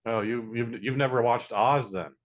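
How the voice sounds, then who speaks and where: A man's voice: medium pitch, normal speed. A man co-hosting a casual podcast, talking in a laid-back, matter-of-fact way and swearing freely. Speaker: podcast co-host.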